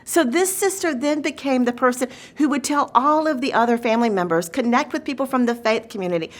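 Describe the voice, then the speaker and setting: A woman's voice: high voice, a little fast. A woman presenting an educational webinar session on caregiving, speaking earnestly and varying her pace as she explains. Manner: earnest, shifts pace often, acts out quoted voices. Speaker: dementia training presenter.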